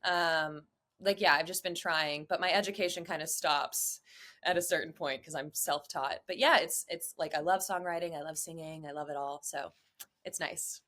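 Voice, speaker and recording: A young woman from Nevada, a guest in a casual interview, talking in an animated, chatty way and laughing easily. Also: deep voice, moderate pace. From Reno, Nevada.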